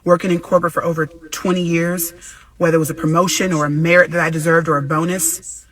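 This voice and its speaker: A woman's voice: lowish voice, fairly even intonation, fast, a bit bright. A woman from the United States, a social media influencer with an American accent, telling a dramatic story to camera and acting out other people's voices.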